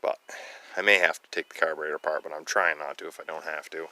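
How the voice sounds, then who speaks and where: A man's voice: very deep voice, level tone, fast talker, bright, forceful tone, a little hiss or hum. A man chatting casually in a folksy, rambling way as he tells a story for his vlog. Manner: folksy, rambling, retells conversations. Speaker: channel host, chainsaw restorer.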